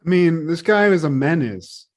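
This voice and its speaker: Podcast co-host, male, slightly higher register, crude and animated, throws in silly quoted voices. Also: moderate pace. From Southern California. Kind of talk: casual comedic chat.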